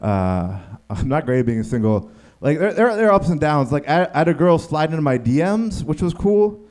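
A man performing a stand-up comedy set, telling stories and acting out the people in them, sometimes yelling. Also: a little high, normal speed. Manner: animated, acts out quotes in yelling voices.

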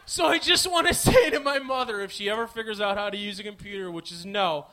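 A young man with a strikingly high voice, hosting a podcast in a loose comic monologue. His tone is bright and sharp. He rambles, swears freely, mocks himself and jumps between mumbled asides and sudden yelps. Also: fast talker. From American Midwest. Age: 20s. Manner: rambling, profane and self-mocking, swinging from mumbles to yelps. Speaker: podcast host. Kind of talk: comedic monologue.

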